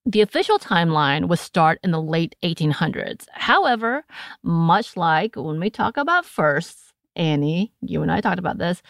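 An American woman co-hosting a podcast in a casual chat, animated and laughing often, recorded close to a studio mic. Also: lowish voice, smooth, no echo. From United States. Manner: chatty and animated, often laughing, breaks into put-on voices. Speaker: podcast co-host.

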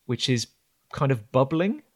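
Guy game-mastering a tabletop rpg, lots of ums and restarts, middle-pitched voice. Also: very animated, unhurried. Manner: hesitant, many fillers and restarts.

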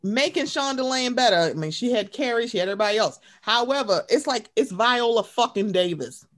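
A woman's voice: on the high side, lively intonation, brisk. A woman co-hosting a casual chat, ranting emphatically and profanely, acting out quoted voices. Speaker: podcast co-host.

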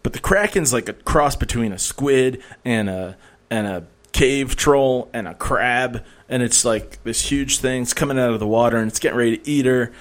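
A man's voice: mid-range voice, normal speed. Man co-host, rambling, sarcastic, laughs a lot, casual chat. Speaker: podcast co-host.

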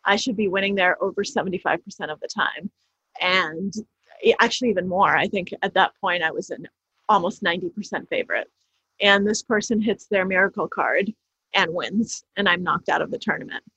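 A woman with a husky, slightly breathy voice answers interview questions in a quick, emphatic way, circling back and restarting her phrases. The sound is dry and close, a little dull and lo-fi. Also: fairly low pitch, sharp tone, no room sound. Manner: fast, emphatic explaining with many restarts. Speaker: author guest.

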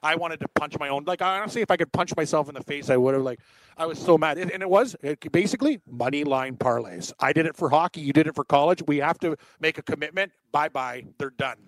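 Fast-talking excitable man on a podcast. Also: fairly high pitch, dry recording, poor audio. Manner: excitable, self-deprecating, rambling. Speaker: sports betting podcast co-host. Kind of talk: casual sports betting chat.

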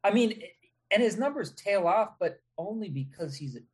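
A man guest on a casual podcast, chatting excitedly and reciting sports stats. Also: high-pitched, moderate pace, a crowd in the background.

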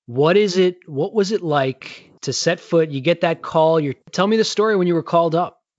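A man's voice: a little high, normal speed, dry recording. A man hosting a podcast, interviewing a guest in an earnest, reflective way. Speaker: podcast host, former rehab coordinator. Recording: dull lo-fi audio.

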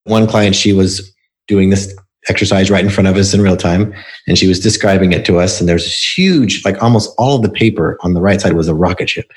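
A man with a deep, low voice speaks in a relaxed interview. He is a book coach who explains his approach patiently and fills it with stories from his clients. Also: fairly quick. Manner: explanatory storytelling with examples. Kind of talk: casual interview talk.

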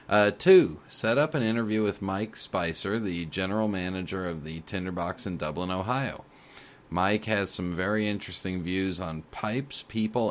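Man, very low voice, podcast host, reads listener mail, easygoing, lots of uhs. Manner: reads listener letters aloud, chuckling often; many filler uhs. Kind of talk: casual podcast talk.

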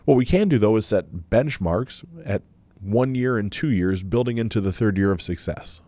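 Guy coaching people thru a visualization, lowish voice, lots of questions, dry close sound. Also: animated, normal speed, dark tone, dry recording. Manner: coaching, asks many questions. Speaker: self-help speaker. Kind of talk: guided visualization talk.

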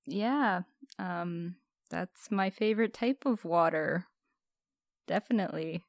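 A woman's voice: on the low side, slow, creaky, dry recording. A woman from Canada co-hosts a podcast and banters in an easy, giggly way. Her voice comes across close and dry. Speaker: podcast co-host. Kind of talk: casual podcast chat.

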